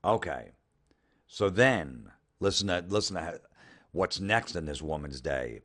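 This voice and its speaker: A man's voice: rumbling low, a little slow, a bit bright, husky. A man doing comedic commentary as he reads social media posts aloud, sarcastic and incredulous, with frequent swearing. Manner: sarcastic, incredulous, profane ranting. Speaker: comedian host.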